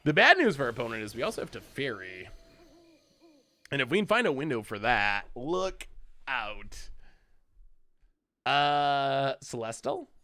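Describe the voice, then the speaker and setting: A man's voice: mid-range voice, big pitch swings, measured pace, pauses often, sharp tone, no room sound. A man streaming himself playing a card game, chatting casually, often laughing and talking to his opponent and chat. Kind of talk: casual gameplay commentary.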